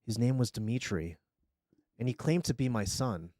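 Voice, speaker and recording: Expressive man reading a scary story. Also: medium pitch, moderate pace, dry recording, studio quality. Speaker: streamer telling a story.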